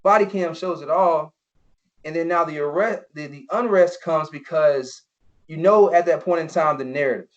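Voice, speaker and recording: With a fairly high pitch at a moderate pace, this young man, once a football player, shares personal stories as a podcast guest. His telling is earnest, full of "you know," and he acts out what people said. The recording is dull and lo-fi.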